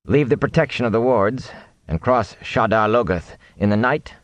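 A man reading an audiobook, voicing a sharp-tongued village wise woman who snaps scornfully. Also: mid-range voice, moderate pace, no echo, pitched above the performer's own voice, lightly acted. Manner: snapping, scornful.

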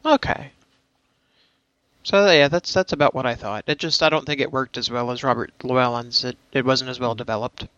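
A man in a relaxed podcast chat, his voice smooth and resonant but slightly muffled, as if recorded through a lo-fi mic. He talks in a plain mid-range register and often pauses with fillers while he thinks. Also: medium pitch, no room sound. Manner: hesitant, many fillers. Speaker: podcast co-host. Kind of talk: casual podcast discussion.

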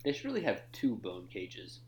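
A man's voice: on the low side, huge pitch swings, moderate pace, darkish tone, echoey room, low-quality recording. A young man co-hosting a casual movie review podcast, who talks loosely, swears freely and laughs often. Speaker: podcast co-host.

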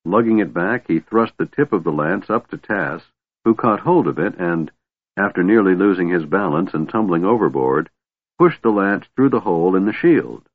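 A man narrating a fantasy audiobook in a steady, measured storytelling manner. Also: sits low, slightly rough, no room sound. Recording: tinny phone-like dry sound.

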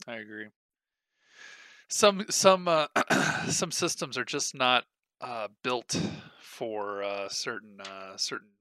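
A young man co-hosting a casual podcast, rambling and halting, restarting his sentences. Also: mid-range voice, sharp tone, dry recording. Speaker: podcast co-host.

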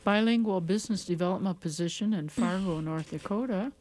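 A woman co-hosting a radio show, reading community announcements in a measured, matter-of-fact way. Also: mid-range voice, a little mellow. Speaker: radio co-host. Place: radio studio.

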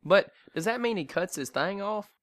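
A man chatting on a podcast, his voice bright and forward as he tells stories. His delivery swings widely in pitch, and he acts out other people's lines. The sound is close and dry. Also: moderate pace, no room sound. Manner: animated storyteller, acts out voices, swears freely. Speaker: podcast co-host. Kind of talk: casual chat.

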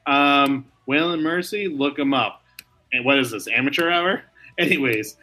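Bright, excitable man co-hosting a podcast. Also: medium pitch, faint music behind. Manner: excitable, laughs often, quick asides. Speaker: podcast co-host. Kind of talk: casual podcast chat about wrestling.

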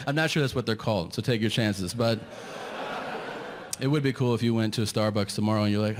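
A man doing a stand-up comedy set, telling his story in an incredulous, ranting way that climbs toward shouting. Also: fairly low pitch, fast talker, long pauses. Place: large theater stage with audience. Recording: live hall with long reverb and audience noise. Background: audience laughter.

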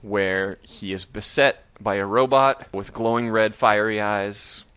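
A man co-hosting a podcast, recapping an episode in casual chat, animated and joking. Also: lowish voice, unhurried, clear, resonant tone. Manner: animated, joking, acts out scenes with voices. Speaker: podcast co-host.

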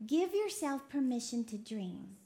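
A woman from Texas preaching a lively sermon, laughing often and quoting voices as she talks. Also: fairly high pitch, a little slow. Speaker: preacher co-hosting a broadcast. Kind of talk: sermon to a women's audience.

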